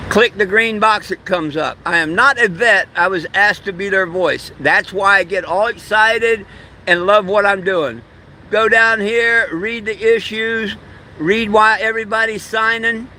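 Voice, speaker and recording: A man's voice: high-pitched, bright, forceful tone, a little hiss or hum. A middle-aged man hosting a live stream, reading chat comments aloud and trading insults with trolls. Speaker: livestream host.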